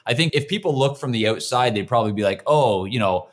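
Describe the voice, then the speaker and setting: A man's voice: medium pitch, lively intonation, quick pace. A man interviewing a church leader, thoughtfully reflecting on a Bible verse and summarizing the guest's points back to him. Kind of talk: conversational interview talk.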